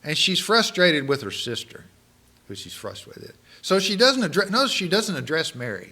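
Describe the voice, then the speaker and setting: Animated male preacher with a bright voice. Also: fairly high pitch, moderate pace, slightly rough. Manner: animated, asks the audience rhetorical questions. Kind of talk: sermon.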